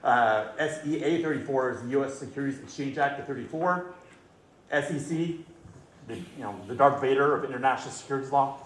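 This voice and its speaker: In an echoey conference hall with faint ambience and slight background noise, a male lawyer with a medium-pitched voice gives a brisk, conversational presentation. He tells anecdotes and polls the audience.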